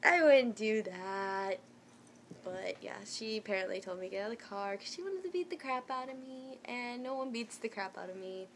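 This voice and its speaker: A woman's voice: on the high side, fast, few pauses, slight background noise. A young woman telling a personal story to her viewers in a casual, chatty way. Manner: chatty and animated, many fillers and restarts.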